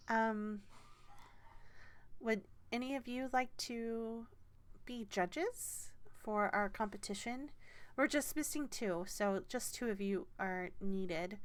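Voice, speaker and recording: A woman's voice: medium pitch, clean tone, natural voice. A woman voicing an eager young gnome woman organizer who talks in a chirpy, hesitant rush.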